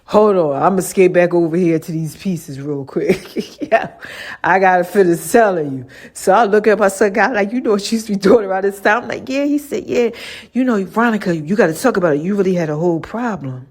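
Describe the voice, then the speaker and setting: A woman's voice: lowish voice, fairly quick, darkish tone. A woman speaking, hosting a podcast as a casual monologue, slangy and playful, often laughing. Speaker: podcast host.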